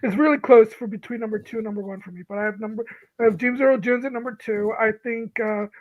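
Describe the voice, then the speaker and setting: A man on a casual panel chat, measured and thoughtful. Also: high-pitched, fairly even intonation, lo-fi sound.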